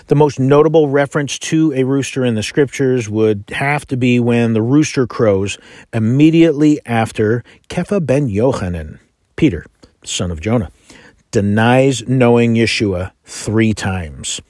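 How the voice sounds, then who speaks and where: A man teaching a Bible lesson, reading scripture aloud and explaining it in a measured, earnest way. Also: medium pitch, expressive, darkish tone, no room sound, studio quality.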